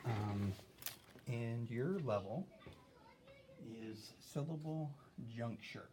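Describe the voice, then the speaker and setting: A man with a mellow, mid-range voice gives a recorded spelling lesson, with a little hiss or hum in the audio. He explains patiently and slowly, frequently adding "okay?" to check in.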